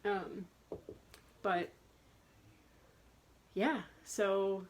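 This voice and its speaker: Speaking at normal speed in a low, creaky voice, a middle-aged woman chats and rambles through a personal vlog, calling herself a talker. The poor audio has faint background noise.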